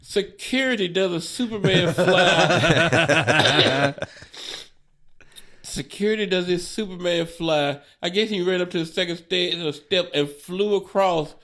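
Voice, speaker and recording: A man's voice: high voice, slow pace, bright, forceful tone. A man, a stand-up comedian, telling a profane road story in casual chat, laughing and acting out the people in it. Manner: acts out drunk friend in quoted voices.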